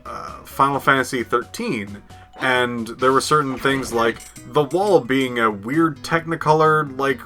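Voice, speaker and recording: Man, casual co-host, bright tone, unhurried rambling delivery. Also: medium pitch, faint music behind. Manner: rambling, many fillers, laughs often. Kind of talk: casual chat about video game glitches.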